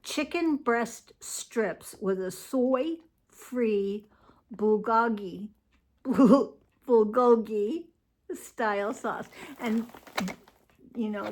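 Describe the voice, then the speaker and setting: Slow-talking chatty older woman. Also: mid-range voice, a little mellow, slight background noise. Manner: chatty and rambling, talks to viewers. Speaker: vlogger showing a grocery haul. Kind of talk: casual chatty haul vlog.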